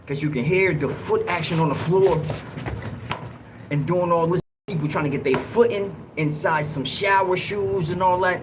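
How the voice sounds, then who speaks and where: A man hosting a livestream, telling a story in a casual, slangy, animated way and acting out what people said. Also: sits high, moderate pace, background noise. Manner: animated, slangy, acts out quotes in raised yells. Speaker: livestream host.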